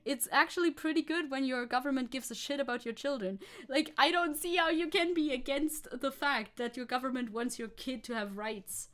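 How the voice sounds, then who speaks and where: A woman's voice: high voice, moderate pace, hardly any pauses, a bit bright. A woman with a German accent giving sarcastic, casual commentary on a live stream, swearing freely. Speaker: VTuber streamer.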